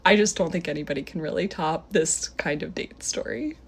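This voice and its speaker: A woman's voice: low voice, a little fast, husky. Young woman, storytime vlogger, chatty and filler-heavy. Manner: breathless, full of "like", acts out quotes. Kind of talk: storytime vlog.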